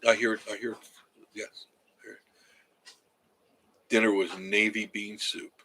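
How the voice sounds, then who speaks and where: 70ish guy rambling thru viewer comments on a live stream, kinda low voice, punchy tone. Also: flat delivery, measured pace, bright, forceful tone, a little hiss or hum, poor audio. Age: 70s. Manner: rambling, chatty, reads comments aloud. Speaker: livestream host. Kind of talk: casual chat reading viewer comments. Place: home cabin.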